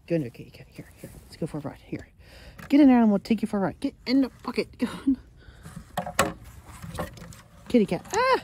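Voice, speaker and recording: A woman vlogging casually at home, rambling excitedly and chatting to her pets. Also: mid-range voice, fast talker, a little hiss or hum. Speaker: daily vlogger. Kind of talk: casual rambling vlog chat. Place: at home, yard and indoors.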